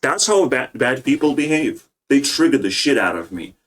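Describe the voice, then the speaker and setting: A man's voice: medium pitch, big pitch swings, normal speed, a bit bright. A young man ranting in agitated, profane reaction commentary on politics.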